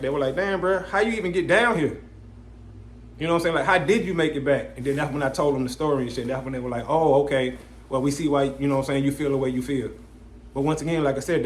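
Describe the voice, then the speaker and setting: Recorded in an echoey room with a bit of hiss or hum, a young man with a fairly high voice hosts a podcast and tells a casual story. He's animated, voices the people involved, quotes them, and often says "you know what I'm saying."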